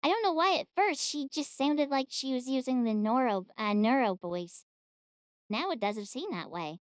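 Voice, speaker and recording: Brief: high, lively woman reactor, slow and giggly, dry sound. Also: no echo. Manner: giggly and apologetic, often breaking into laughter. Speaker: YouTube reactor. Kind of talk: casual reaction commentary.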